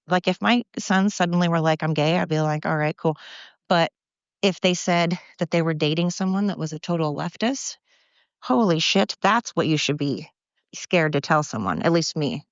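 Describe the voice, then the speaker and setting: A woman's voice: sits low, no room sound, dull audio. A woman hosting a solo podcast, ranting bluntly with profanity and mocking herself, recorded on a phone. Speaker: podcast host.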